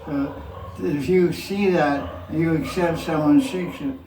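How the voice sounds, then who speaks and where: Man, raised pitch, relaxed spiritual teacher, chuckling Q&A, distant mic in an echoey room. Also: measured pace, background noise. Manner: relaxed, chuckling, quotes people in put-on voices. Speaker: spiritual teacher answering questions. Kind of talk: question and answer talk.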